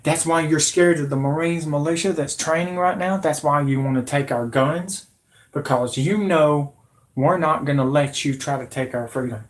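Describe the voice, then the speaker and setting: Heated man ranting, high-ish voice. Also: normal speed. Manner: heated, repetitive, confrontational. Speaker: channel host. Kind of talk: angry political rant.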